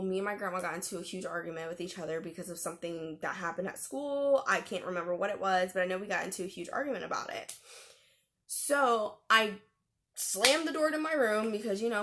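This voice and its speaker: A young woman vlogger telling a personal story in a casual, animated way, with fillers and laughs. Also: mid-range voice, fairly quick.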